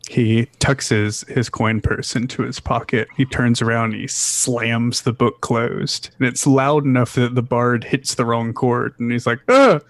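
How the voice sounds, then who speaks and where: A man's voice: mid-range voice, level tone, measured pace, hardly any pauses, no room sound. A man narrating as game master of a tabletop game, stumbling and restarting as he describes scenes. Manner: rambling, many restarts.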